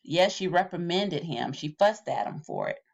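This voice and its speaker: A woman teacher brings a children's picture book to life, reading it aloud with animated flair and lowering her voice on the repeated lines. Her pace is moderate, there's vocal fry in her voice, and the recording sounds lo-fi.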